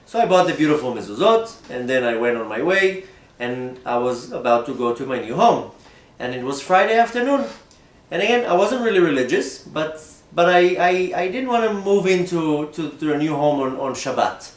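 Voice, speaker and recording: A man's voice: fairly high pitch, moderate pace. Man telling a story in a roomy echo. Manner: animated, repeats and restarts words. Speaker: rabbi. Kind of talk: storytelling talk.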